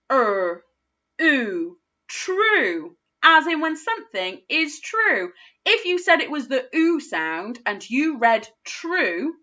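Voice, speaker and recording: A woman teaching a phonics lesson to young children, sounding out words slowly and praising often. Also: high-pitched, pushed and bright, dull audio. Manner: slow, sing-song sounding out of words, encouraging. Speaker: primary school phonics teacher.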